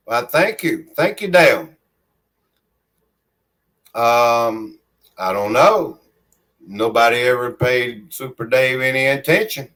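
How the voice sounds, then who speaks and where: Slow-talking Southern man streaming from home. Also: mid-range voice, fairly bright tone. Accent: Southern US country. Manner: rambling and friendly, refers to himself in the third person. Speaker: livestream host. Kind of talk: casual livestream chat, reading viewer comments aloud. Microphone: phone held in hand.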